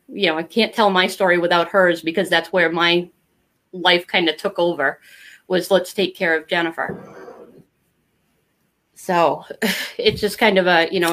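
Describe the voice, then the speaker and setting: A middle-aged woman talking as an interview guest, telling a personal story in a candid, rambling way and acting out other people's lines. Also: fairly low pitch. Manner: candid, rambling, animated when quoting others. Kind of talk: casual storytelling.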